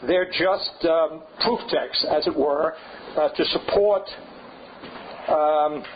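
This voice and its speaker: An older man speaks slowly in a fairly high voice as he leads an informal seminar lecture. He wanders off on tangents while reasoning aloud, frequently checking in with a rhetorical "right?". Slight background noise sits in the dull, lo-fi classroom recording.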